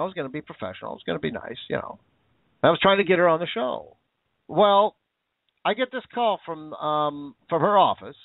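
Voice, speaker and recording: A man's voice: high voice, no echo. A man hosting a show, ranting with sarcasm and indignation, repeating himself. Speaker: show host. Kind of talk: ranting commentary. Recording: tinny phone-like line.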